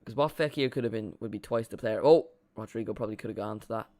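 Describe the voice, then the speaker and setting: Fast-talking and lowish in pitch, a young Irish man rambles through casual live commentary as he streams a football watchalong from home, restarting often. His tone is darkish, and there's no room sound.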